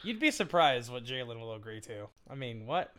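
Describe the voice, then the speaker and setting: A man's voice: medium pitch, sing-song, a crowd in the background. A man playing a tabletop game who jokes and laughs at the table. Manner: joking, quick to laugh. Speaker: player. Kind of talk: joking table talk.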